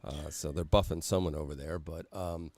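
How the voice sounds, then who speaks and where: Casual podcast host, a low-voiced man, loose and rambling, dry room. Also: fairly even intonation, moderate pace, a little mellow, no echo. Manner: rambling, laughs often, many fillers. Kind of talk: casual chat.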